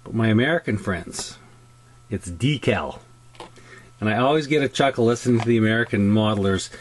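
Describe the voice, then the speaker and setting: With a Canadian accent, a man chats his way through a tutorial on weathering scale models, rambling, restarting sentences, and saying um often. He speaks fast in a fairly low voice, with slight background noise.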